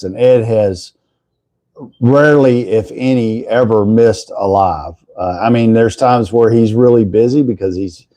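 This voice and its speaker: A man's voice: mid-range voice, mellow, no room sound. An older Texan man hosting a casual morning livestream, rambling through stories and thanking viewers by name. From Texas. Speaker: livestream host.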